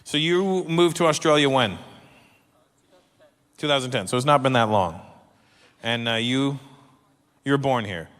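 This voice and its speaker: A man's voice: medium pitch, lively intonation, measured pace, long pauses. Brash male stand-up comedian. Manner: brash, teasing, chatty with the audience. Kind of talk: stand-up comedy and crowd work. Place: large live comedy venue. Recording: live show with loud crowd laughter and noise.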